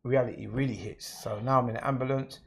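A man's voice: mid-range voice, fairly even intonation, fast talker, creaky. London guy being interviewed, matter-of-fact, telling his own story straight. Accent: London English. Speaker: interview guest.

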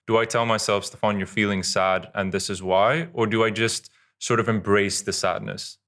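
A man's voice: on the low side, steady tone, moderate pace, fairly bright tone. A man hosting a podcast interview, asking thoughtful follow-up questions. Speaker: podcast host.

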